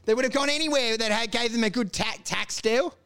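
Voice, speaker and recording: High, smooth-voiced Australian guy. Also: fairly quick. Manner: profane, mocking, animated rants. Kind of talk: casual chat.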